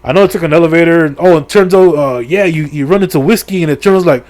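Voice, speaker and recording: Middle-aged guy, slightly high voice, profane rambling game recap, crude humor. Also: quick pace, hardly any pauses, a little mellow. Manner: rambling, profane, crude jokes, lots of fillers. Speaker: gaming video creator. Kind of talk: casual comedic game story recap.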